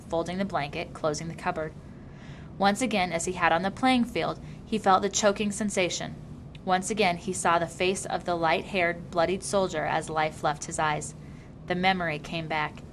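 A woman reading a novel aloud in a measured, even storytelling manner. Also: fairly low pitch, slight background noise. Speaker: audiobook reader.

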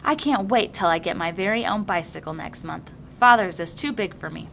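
A woman's voice: medium pitch, animated, normal speed, creaky, a bit bright, a little hiss or hum. Woman voicing a chatty little girl. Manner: chattering, matter-of-fact.

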